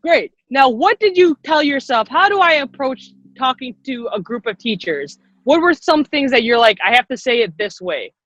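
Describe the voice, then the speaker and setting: A woman leading an online public speaking workshop on a video call, lively and quick-talking, encouraging the participants. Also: high-pitched, no room sound. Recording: dull lo-fi video call audio.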